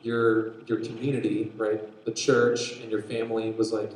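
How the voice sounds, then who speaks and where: A young man teaching a Bible story to young people, telling it with animated energy and acting out voices. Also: mid-range voice, a little fast, few pauses. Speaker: youth pastor. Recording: very echoey room.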